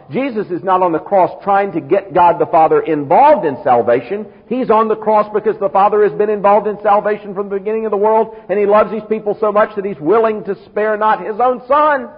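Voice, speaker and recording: This pastor's voice is high-pitched and slightly rough, and he preaches briskly with few pauses. Emphatic, he lingers on key words and races through asides, captured in a muffled recording with long hall reverb.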